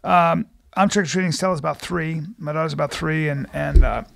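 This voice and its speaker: A middle-aged podcast co-host with a high, gravelly voice full of vocal fry. He reacts loudly and crudely, sometimes shouting. He tells stories with big, animated energy. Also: fairly quick, slight background noise. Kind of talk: casual chat.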